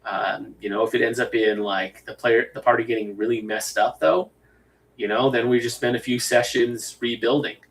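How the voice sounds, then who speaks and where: A man's voice: medium pitch, steady tone, normal speed, recorded from a distance, low-quality recording. A man, a YouTube host and game master, talking casually to viewers in a rambling, laid-back, self-deprecating way.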